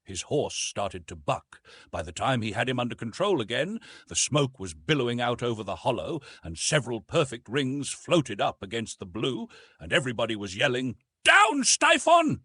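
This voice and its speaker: Telling a sci-fi tale with real momentum, this male narrator has a slightly husky tone and a pitch that leaps upward as the scenes intensify. His pace is normal, and the sound is intimate and dry, free of echo.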